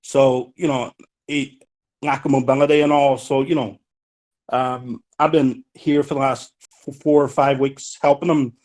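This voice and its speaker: A man's voice: medium pitch, level tone, unhurried, a little mellow. A man with a Donegal Irish accent, calling in to a boxing podcast, easygoing and chatty, always saying "you know". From Ireland. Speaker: caller. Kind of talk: casual podcast call.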